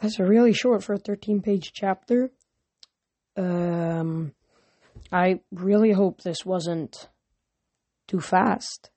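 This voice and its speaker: A woman's voice: fairly low pitch, slow, pauses often, mellow, dry recording. A woman casually reading a novel aloud, often stumbling and restarting words. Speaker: reader.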